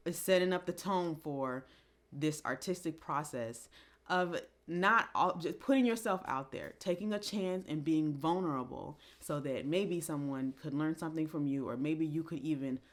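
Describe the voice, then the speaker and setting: Low-voiced woman musing on an album. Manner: reflective, musing, with pauses and restarts. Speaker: music commentary vlogger. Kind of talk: casual album review chat.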